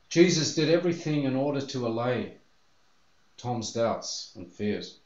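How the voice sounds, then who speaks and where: A man's voice: medium pitch, darkish tone, reverberant, lo-fi sound. A man preaching a sermon as pastor, earnest and telling the story with feeling. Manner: earnest, acts out the disciples' voices in quotes.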